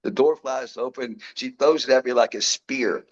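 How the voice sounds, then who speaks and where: A man, a guest in an interview, telling his story in a lively way and acting out what people said. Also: mid-range voice, moderate pace, muffled recording. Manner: lively storyteller who acts out quoted dialogue. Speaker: guest, product founder.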